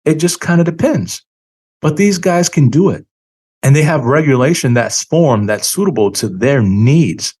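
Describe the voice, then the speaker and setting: This finance-channel host speaks on the high side, his intonation lively and his tone slightly rough yet a little mellow. Somewhat weary, he pushes through an opinionated solo rant, stretching and hammering key words.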